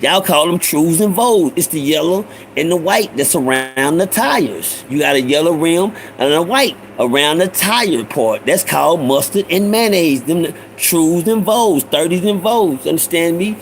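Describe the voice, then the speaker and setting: Addressing his audience as y'all, a middle-aged Houston, Texas host delivers an animated, profane monologue of street stories in street slang. His voice is high and gravelly, at normal speed with few pauses. The rough recording has a faint ambient hiss beneath him.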